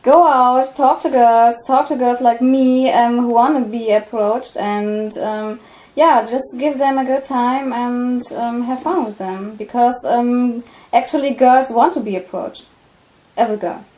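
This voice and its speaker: A woman speaks slowly as a podcast guest. She pauses often and fills gaps with "um," and her voice sits a little high. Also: darkish tone, rough recording. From Germany. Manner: hesitant, many fillers. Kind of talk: casual chat.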